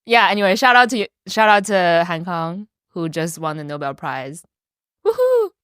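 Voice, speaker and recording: A woman's voice: fairly low pitch, moderate pace, fairly bright tone, clean tone, no echo, studio quality. A woman hosting a podcast quiz, chatting casually and laughing often as a playful quizmaster. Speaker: podcast host running a quote quiz.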